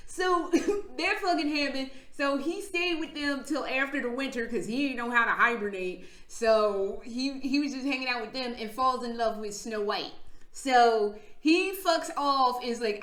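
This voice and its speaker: A woman with a high-pitched, slightly bright voice vlogs at a measured pace in an echoey room. She retells stories casually, laughing often and using plenty of profanity and slang.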